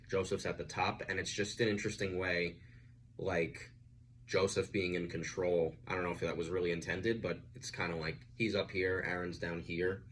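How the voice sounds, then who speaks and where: A man chatting casually as he reviews a film, animated and full of fillers. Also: low-pitched, slight background noise.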